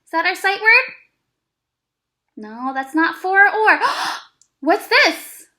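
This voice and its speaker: A woman teaching an early reading lesson to young children, speaking slowly and encouragingly with plenty of praise. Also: very high voice, very animated, pushed and bright, reverberant. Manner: slow, exaggerated, encouraging teacher talk with praise.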